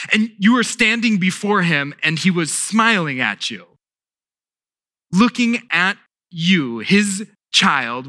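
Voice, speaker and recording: A middle-aged male pastor preaching a sermon, emphatic and deliberate, repeating key words with pauses for weight. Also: high voice, sharp tone, no room sound, studio quality.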